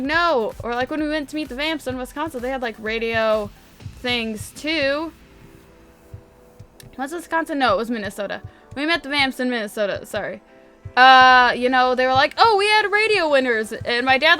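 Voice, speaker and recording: A young woman from northwest Indiana chatting excitedly while she plays a game, full of "like" fillers. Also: a little high. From northwest Indiana, USA. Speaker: gaming vlogger. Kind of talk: casual storytelling over gameplay.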